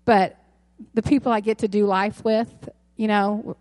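A woman's voice: medium pitch, flat delivery, a little slow, a little mellow, no echo. A woman pastor in her thirties preaching a sermon to her congregation in a church, talking in a conversational way with asides and self-corrections. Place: church sanctuary.

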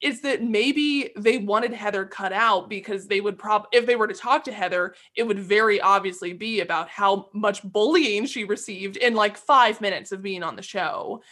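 A woman co-hosting a podcast, chatting casually and venting her opinions with animated emphasis. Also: medium pitch. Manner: animated, opinionated, quick to vent. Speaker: podcast co-host. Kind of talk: casual chat.

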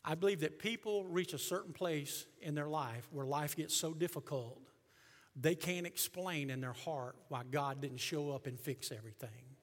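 A middle-aged male pastor preaching a sermon, emphatic, surging loud and then dropping low. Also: normal speed. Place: church sanctuary. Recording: long reverb of a church hall.

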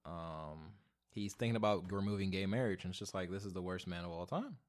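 A man in his twenties hosting a solo podcast, rambling and profane, going from mumbles to loud rants. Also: low-pitched, fairly quick. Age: 20s. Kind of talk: casual solo podcast rant. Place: home, alone.

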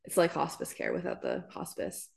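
A young woman co-hosting a podcast in casual chat, quick to agree and toss in dry jokes. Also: rumbling low, wildly swooping pitch, creaky, a little mellow. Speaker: podcast co-host.

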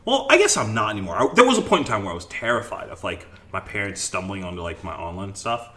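An animated young man talking loosely with a friend on his podcast. His voice swoops up and down with a bright, forceful edge, and he laughs and swears freely. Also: fairly low pitch, quick pace. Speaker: podcast host. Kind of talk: casual chat.

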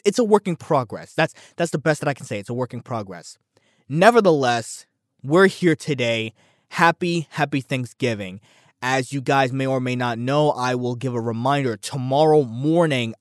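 A man's voice: mid-range voice, dry recording, clean studio sound. A young man hosting a casual solo podcast, rambling and self-deprecating, repeating words as he goes, sounding a bit out of breath. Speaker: podcast host.

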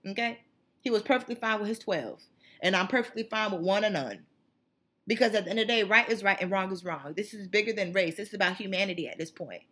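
Fiery bright-voiced woman ranting. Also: medium pitch, fast talker, slightly rough. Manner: fiery, emphatic, repetitive. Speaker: channel host. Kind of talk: impassioned monologue.

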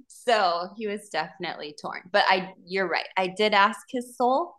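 A woman singer guesting on a podcast, telling stories in an animated, giggly way and acting out the quotes of other people. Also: on the high side, unhurried, low-quality recording. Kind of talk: casual storytelling chat.

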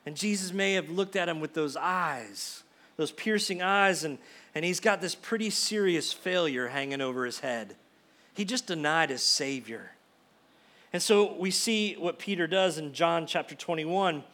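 A man's voice: on the high side, fairly bright tone. A man, preaching a sermon as pastor in a folksy, storytelling way that often repeats words.

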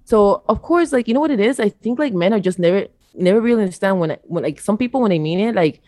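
A young woman telling a story in casual podcast chat, blunt and animated, swearing freely. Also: mid-range voice, quick pace, no room sound. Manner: blunt, profane, animated retelling. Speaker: podcast co-host.

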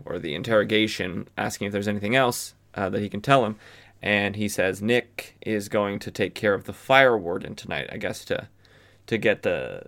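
A man with a fairly low voice talks through an old comic book story for his podcast. His delivery is loose and conversational, peppered with filler words. He drops in wry asides along the way. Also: creaky, sharp tone. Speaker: podcast host. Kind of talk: casual comic book recap.

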